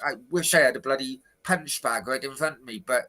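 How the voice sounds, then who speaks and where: A man's voice: medium pitch, fairly quick, few pauses, bright, forceful tone, poor audio. A man co-hosting a casual football talk show from a hotel room, ranting and swearing about his club's transfers. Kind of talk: casual chat.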